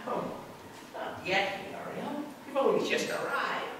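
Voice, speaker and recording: An amateur actor playing a smooth-talking, flirtatious Hollywood producer in a live stage play, recorded from far off in a hall. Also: male voice, extremely high pitch, animated, unhurried, noisy background. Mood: charming. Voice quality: wheedling, charming, eager. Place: theatre stage.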